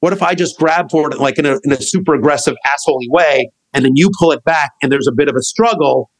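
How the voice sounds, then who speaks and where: Middle-aged man, podcast guest, animated storyteller, somewhat high voice, rambling delivery. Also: fast talker, rough recording. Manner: animated, acts out quotes of others; rambling with restarts and fillers.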